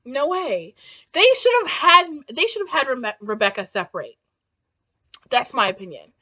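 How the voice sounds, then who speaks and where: Young woman, book vlogger, ranting and swearing with a bright, swooping voice. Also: on the high side, normal speed. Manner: animated, profane, exasperated ranting. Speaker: book reviewer. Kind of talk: ranty casual book review.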